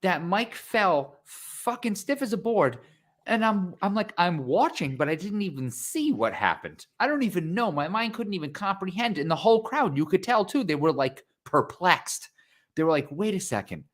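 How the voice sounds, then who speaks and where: A young man co-hosting a podcast, recapping a fight in excited casual chat, swearing and acting out the crowd's reactions. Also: high-pitched, moderate pace. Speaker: podcast co-host.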